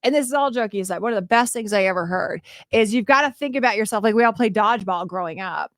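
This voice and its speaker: A woman co-hosting a radio show in casual banter, animated and chatty, laughing often. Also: medium pitch, quick pace, no room sound, clean studio sound.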